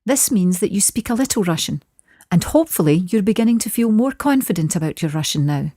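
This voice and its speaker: Woman teacher doing a quick language lesson, bouncy sing-song voice, dry close sound. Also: mid-range voice, animated, mellow, no room sound. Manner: clear, slow modelling of phrases.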